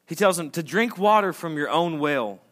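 A pastor preaching to his church in a chatty, down-to-earth way. His voice leaps up loud on key points, then sinks low and soft for asides. He speaks in a slightly high register for a man. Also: expressive, normal speed. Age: adult, married. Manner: conversational preacher, rising to emphatic peaks and dropping to quiet asides. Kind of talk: sermon. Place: church sanctuary before a congregation.

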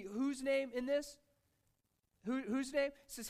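High-voiced man preaching to a congregation. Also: unhurried, fairly bright tone. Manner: casual, conversational preaching with fillers; jokes with and engages the congregation. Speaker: pastor. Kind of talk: sermon. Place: church in front of a congregation.

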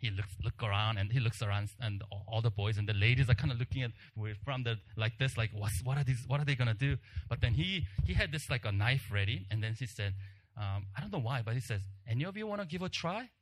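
Telling a personal story during a sermon, a man speaks fast at medium pitch, animatedly acting out the crowd's shouts before dropping to a hushed voice for emphasis. A little hiss or hum sits in the recording.

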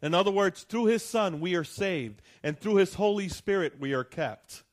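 A man preaching in a slightly higher register than most men. He talks to the congregation in an easy, conversational way, often asking "right?" and circling back to repeat his points. At times he presses a line harder for emphasis. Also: expressive, normal speed. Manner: conversational preaching with frequent "right?" and restarts, rising to emphatic peaks. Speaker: pastor. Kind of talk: sermon.

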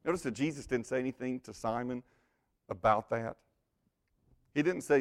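A man preaching a sermon who addresses his congregation directly. He drops to hushed, near-whispered lines and then rises into loud, emphatic bursts, with a middle-pitched voice throughout. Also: lively intonation, fairly quick, gravelly, long pauses. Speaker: pastor.

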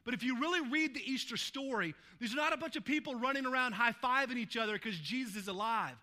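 Male pastor, high-pitched, conversational sermon delivery, keeps asking the room "right?". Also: quick pace, sharp tone. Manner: informal, asks "right?" to the listeners.

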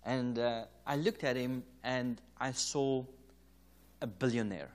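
A South African man with a medium-pitched voice preaches slowly through a story as part of a conference sermon in a church or conference hall. He's anecdotal, re-enacts dialogue, and chuckles often.

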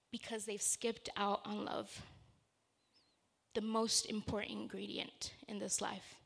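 A woman's voice: a little high, vocal fry, fairly bright tone. A woman preacher giving a sermon, telling a personal story in an earnest, conversational way before moving into scripture.

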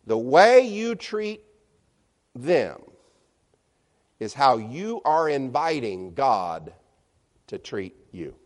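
A male pastor preaches with a lively voice that climbs high and sinks low. He stretches key words, then drops to a hush. A long reverb trails every phrase, as in a large church hall. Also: drawn-out words, pauses often. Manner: animated, rising and dropping to near whispers for emphasis. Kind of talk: sermon.

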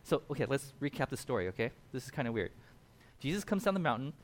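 A man preaching a casual sermon, retelling a Bible passage with lively acted-out quotes and asides. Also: medium pitch, quick pace. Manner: animated storytelling, acts out quotes. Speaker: pastor.

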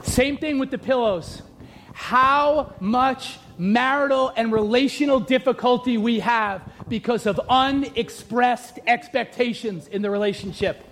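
A man preaching a sermon as pastor in a church, often shouting with humor. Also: very high-pitched, unhurried, a little hiss or hum.

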